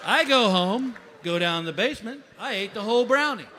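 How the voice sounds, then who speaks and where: High-voiced comic in his fifties. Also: moderate pace, a crowd in the background, noisy background. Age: 50s. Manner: animated, frantic, self-mocking. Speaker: stand-up comedian. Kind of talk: stand-up storytelling. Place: theater stage. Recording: live stage mic in a reverberant hall.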